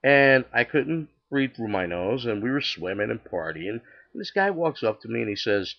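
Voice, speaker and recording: Gravelly older man telling his story. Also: mid-range voice, sing-song, moderate pace, highs cut off. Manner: chatty, acts out dialogue, many restarts. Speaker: storyteller sharing his testimony. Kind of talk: casual personal testimony.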